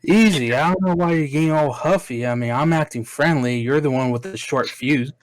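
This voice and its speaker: A man's voice: on the high side, fairly quick, no room sound, pitched above the performer's own voice, close to an everyday voice. A man voicing a smug, mock-friendly male warrior in a tabletop game.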